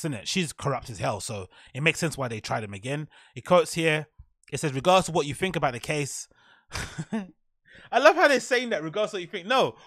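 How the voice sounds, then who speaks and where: Guy ranting on his podcast, sarcastic and fired up, kinda high voice, dry close sound. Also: a bit bright, dry recording. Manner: sarcastic, indignant, reads article aloud then riffs. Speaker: podcast host. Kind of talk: casual opinionated commentary.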